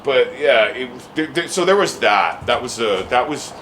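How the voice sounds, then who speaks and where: A man's voice: mid-range voice, expressive, normal speed, sharp tone, faint music behind, rough recording. A man, a musician telling a story in an interview, rambling with many restarts and casual swearing. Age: 40s.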